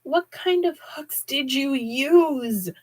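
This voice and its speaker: A woman voicing a frightened young male night guard who speaks slowly and nervously. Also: very high voice, a little mellow, pitched above the performer's own voice.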